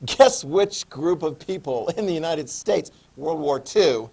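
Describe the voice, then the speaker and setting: A man's voice: a little high, big pitch swings, a little slow, hardly any pauses, a little mellow. A man teaching a history class, chatty and quizzing his students as he goes. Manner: chatty, asks the class questions. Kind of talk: classroom lecture.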